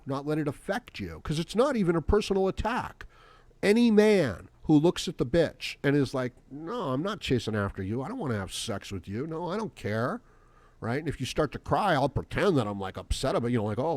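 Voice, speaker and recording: Male solo podcaster with a middle pitch, rambling and swearing, recorded dry and close. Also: darkish tone, no room sound. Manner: rambling and profane, full of "you know" fillers. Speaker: podcast host.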